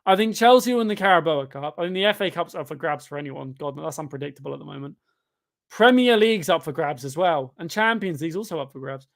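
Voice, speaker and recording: Opinionated football fan, slightly high. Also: male voice, expressive, vocal fry. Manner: opinionated, answering quick-fire questions. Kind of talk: casual chat.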